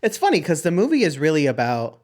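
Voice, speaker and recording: A man co-hosting a podcast, talking bluntly about a movie with deadpan jokes and frequent swearing. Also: a little high, fast talker. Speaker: podcast co-host. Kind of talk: casual movie-review chat.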